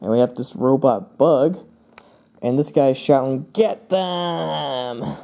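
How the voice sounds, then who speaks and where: Young male host, unhurried, warm, rambling show-and-tell with asides. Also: medium pitch. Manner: rambling, with fillers and playful asides. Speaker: channel host. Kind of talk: casual show-and-tell of old drawings.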